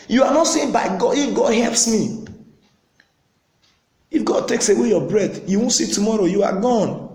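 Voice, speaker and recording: A man's voice: very high-pitched, darkish tone, echoey room, low-quality recording. A man preaching a sermon as pastor, emphatic, repeating phrases and acting out quotes.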